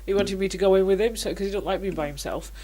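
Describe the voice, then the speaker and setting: A woman, co-hosting a casual chat podcast and telling animated, laughing stories. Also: mid-range voice, fast. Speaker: podcast co-host.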